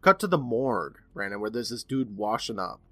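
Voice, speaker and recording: A man co-hosting a podcast, retelling an episode with a lively voice that rises and falls a lot. He is recorded close on a dry microphone. He slips into put-on voices for the characters he quotes. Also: lowish voice, fairly quick, no room sound, soft background music. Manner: animated storyteller, puts on voices for quoted characters. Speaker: podcast co-host recapping an episode. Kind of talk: casual chat, retelling a TV episode.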